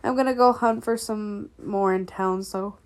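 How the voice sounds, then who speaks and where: A woman voicing a blunt, unbothered young male killer in a fanfic reading, in an offhand, flat way. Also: mid-range voice, moderate pace, close to an everyday voice.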